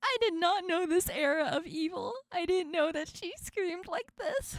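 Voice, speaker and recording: A woman's voice: very high-pitched, normal speed, loud music behind the voice. A young woman streamer chatting casually while reacting to a video, giggling often. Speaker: VTuber streamer.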